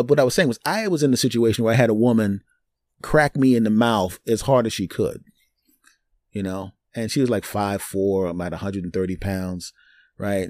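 A man hosting a podcast, telling personal stories in an animated, digressive, joking way. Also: fairly low pitch, dry recording. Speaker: podcast host. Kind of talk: storytelling monologue.

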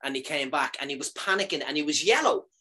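A man in his thirties, a comedian chatting casually and telling animated stories, leaping up in pitch for quoted lines. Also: fast talker, breathy edge. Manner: animated storyteller, jumps high for quoted lines. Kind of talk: casual chat.

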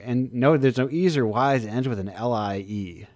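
A man's voice: medium pitch, darkish tone, no echo, clean studio sound. A man chatting casually on a podcast, rambling with restarts and frequent laughter. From United States. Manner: rambling, halting, often laughing. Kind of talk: casual chat.

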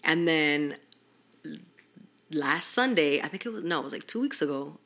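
Animated, bright-voiced young woman. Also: low voice, moderate pace. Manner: animated storytelling, heavy swearing, slangy. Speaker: podcast host. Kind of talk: casual chat.

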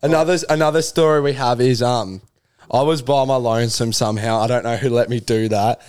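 A young Australian man co-hosting a casual podcast. He tells stories loosely, laughing and swearing through them. His voice sits at an ordinary middle pitch. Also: brisk, clean tone. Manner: laughing, animated swearing storyteller. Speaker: podcast co-host. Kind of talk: casual chat, storytelling.

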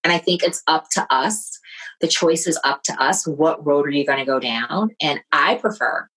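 A woman with a fairly low voice tells a personal story in a relaxed, chatty way. She is lively and expressive and slips into the voices of the people she quotes. She sounds middle-aged. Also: moderate pace, breathy edge, rough recording. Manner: animated, acts out quoted voices. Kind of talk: casual storytelling chat.

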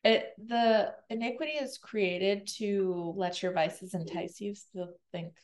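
A woman's voice: medium pitch, takes it slowly, echoey room. A woman co-hosting a podcast, chatting casually as she recaps a novel's plot and acts out lines in silly voices. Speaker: podcast co-host explaining a book.

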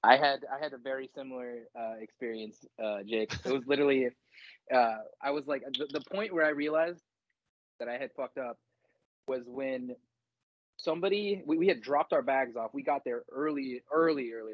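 A young man in casual podcast chat, telling stories with energy and acting out shouted quotes. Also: mid-range voice, moderate pace, dry recording, lo-fi sound. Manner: animated storytelling, acts out shouted quotes. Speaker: podcast co-host.

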